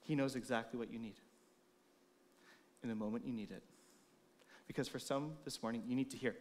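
A man preaching a sermon in a church, expressive, moving between loud emphasis and soft, hushed lines. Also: mid-range voice, normal speed, long pauses. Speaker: pastor.

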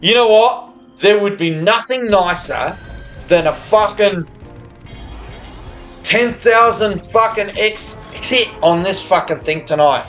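A tipsy man talks in a high voice with a slow, unhurried drawl. He rambles to his viewers, swears constantly and slurs a little. Faint music plays behind him. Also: fairly bright tone. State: tipsy, slurring a little after beers. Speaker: streamer. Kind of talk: live gambling stream chat. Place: hotel or home room abroad.

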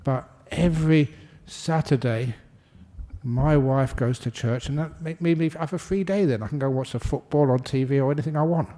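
A man's voice: medium pitch, normal speed, dark tone, close to an everyday voice. A man voicing a blunt, casual male pub-goer in a joke, matter-of-fact. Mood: chatty.

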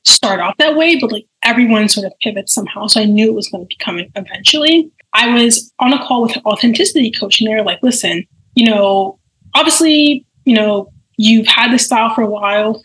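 Young woman, podcast guest, rapid chatty delivery, slightly high voice. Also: animated, fairly bright tone, poor audio. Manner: fast, chatty, many fillers, acts out quotes. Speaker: guest, nail care content creator. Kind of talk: casual podcast chat.

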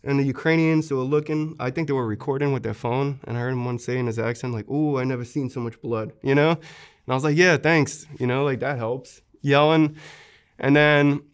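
A man's voice: mid-range voice, steady tone, fairly quick, smooth. A young man, a war veteran, earnestly recounting how he was wounded, in an interview, with many fillers.

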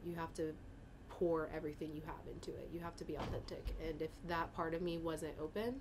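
A woman's voice: low voice, noisy background. A young woman speaking candidly as an interview guest, rambling with fillers and getting emotional, at times tearing up. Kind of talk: casual interview talk.

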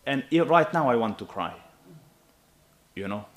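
A man in his thirties preaching a sermon in an animated, emphatic way, often checking with his listeners. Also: medium pitch, a little slow. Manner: animated and emphatic, with asides to the audience.

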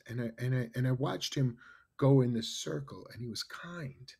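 A man in his fifties from New York, a podcast guest telling animated stories and often adding "right?" and "you know". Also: medium pitch, moderate pace, gravelly, breathy edge. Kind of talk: casual storytelling interview.

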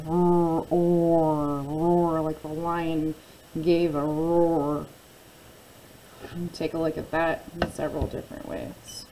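Slow, low-voiced woman teaching phonics. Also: vocal fry, mellow, a little hiss or hum, rough recording. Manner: patient, drawn-out word modeling. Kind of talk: phonics lesson for young children.

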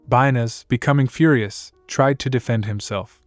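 A man narrating a story recap in a steady, plain manner. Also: mid-range voice, normal speed, dry recording, faint music behind.

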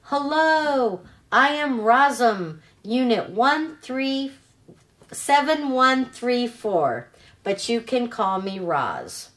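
A woman reading aloud, voicing a calm, polite female robot mother who speaks in a measured, formal way. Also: fairly high pitch, voice pushed up, exaggerated voice.

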